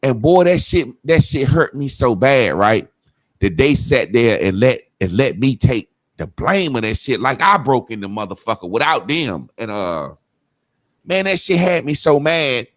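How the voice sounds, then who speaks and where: A man's voice: medium pitch, very animated, measured pace, no echo. A man telling a childhood story in casual, profane talk, acting out the people he quotes. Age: adult.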